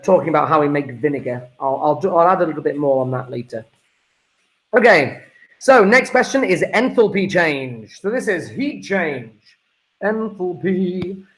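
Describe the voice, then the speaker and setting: A man's voice: a little high, low-quality recording. A man talking through a chemistry exam paper as a teacher, chatty and calling his students guys and folks.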